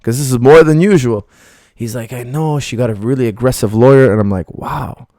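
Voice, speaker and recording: A man's voice: mid-range voice, brisk, dark tone, dry recording, clean studio sound. A middle-aged man, a martial arts coach, bluntly rambling through viewer questions on a live stream.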